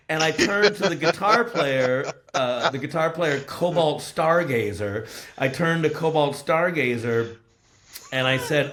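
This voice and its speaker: A man's voice: fairly high pitch, a little slow, a bit bright, a little hiss or hum. A man from Los Angeles, a guest musician, telling rambling road stories casually and swearing freely. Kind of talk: casual storytelling. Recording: roomy echo.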